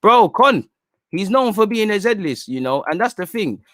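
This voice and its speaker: A young man hosting a livestream, talking in animated, slangy casual banter. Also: high-pitched, moderate pace, dry recording, clean studio sound. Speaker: fan channel livestream host.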